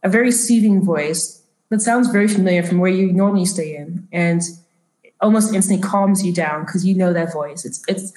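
A woman's voice: on the low side, normal speed, darkish tone, roomy sound, rough recording. A woman narrating as game master of a tabletop game, chatty and full of fillers.

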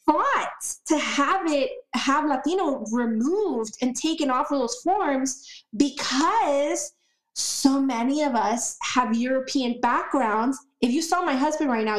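High-voiced woman in an echoey room. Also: slow pace. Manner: emphatic, repeats words for stress. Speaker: podcast guest. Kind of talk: casual conversation.

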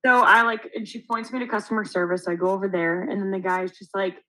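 A woman's voice: mid-range voice, quick pace, few pauses, rough recording. A young woman co-hosting a podcast, telling a story in casual chat, acting out quotes and swearing freely. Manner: animated, acts out quotes, swears. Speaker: podcast co-host.

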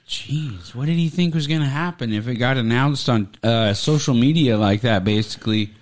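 A man's voice: mid-range voice, normal speed. Laid-back man in casual sports talk.

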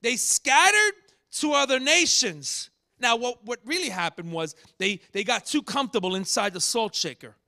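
Guy preaching a sermon, really high bright voice, swings up and down a lot. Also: normal speed. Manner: animated preaching, acts out rebukes with rising shouts. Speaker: pastor.

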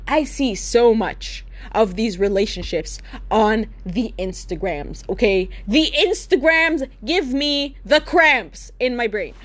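A woman's voice: on the high side, expressive, slow, few pauses, fairly bright tone. A young woman ranting in a comedic vlog, exasperated and sarcastic, swearing freely. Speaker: vlogger. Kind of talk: comedic rant.

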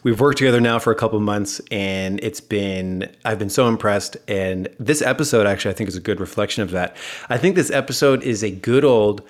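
An American man hosts a casual podcast interview, chatty and quick to joke. His voice sits on the low side. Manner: upbeat, joking, chatty. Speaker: podcast host.

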